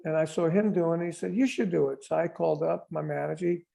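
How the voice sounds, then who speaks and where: A man's voice: fairly high pitch, quick pace, gravelly, warm tone. An older man, a drummer guest, telling long stories in a rambling, anecdotal way and acting out the quotes. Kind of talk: storytelling interview.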